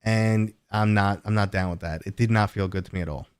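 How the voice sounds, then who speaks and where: A man chats casually on a live stream, drifting off on tangents and filling pauses with ums and uhs. His voice sits a little low. The sound is dry and close, with almost no room echo. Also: steady tone, smooth. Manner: rambling and chatty, full of tangents and fillers; jumps to a much higher, louder pitch when greeting viewers. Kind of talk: casual live-stream chat answering viewer questions.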